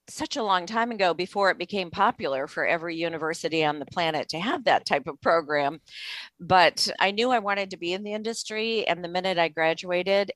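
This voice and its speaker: A woman's voice: fairly low pitch, a bit bright, no echo. A middle-aged woman, a meeting planner and author, chatting cheerfully as a podcast guest. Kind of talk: casual interview talk.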